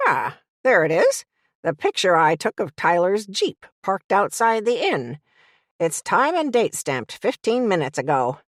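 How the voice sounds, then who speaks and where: A woman's voice: mid-range voice, very animated, unhurried, dry recording, clean studio sound. A woman voicing a bossy, smug elderly witch aunt with a taunting, sing-song manner, in an audiobook.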